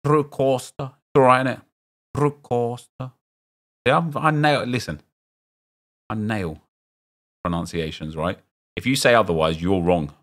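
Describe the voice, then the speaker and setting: This streamer, South London accent and all, chats and rambles while opening packs in a football game, joking with his viewers. His low-ish, fairly bright voice has lively intonation, a moderate pace, and frequent pauses.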